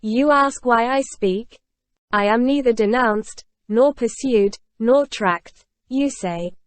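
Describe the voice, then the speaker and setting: Tormented aging ex-convict confessing, read by a woman in a higher dry voice, solemn and grieving, audiobook. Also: slow, dry recording. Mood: anguished.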